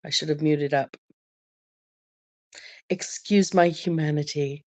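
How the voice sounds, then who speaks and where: A man's voice: a little high, fairly even intonation, slow, a little mellow, no echo. A man from Canada chatting casually on a group call, polite and apologetic. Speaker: live stream panelist.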